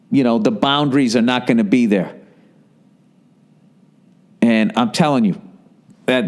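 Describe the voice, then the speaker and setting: A middle-aged man with a Boston accent, hosting a podcast and ranting profanely while mocking others in silly voices. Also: mid-range voice. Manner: swears constantly, mocking put-on voices. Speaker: podcast host. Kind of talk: profane comedic rant.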